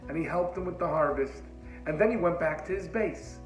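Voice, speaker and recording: A man with a fairly high voice tells an inspirational sermon story, building drama and then sinking to a hush. He weaves Hebrew religious terms into his speech. The sound is roomy, with faint music underneath. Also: fairly quick. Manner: dramatic, drops to a hushed voice at moving moments. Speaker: religious speaker.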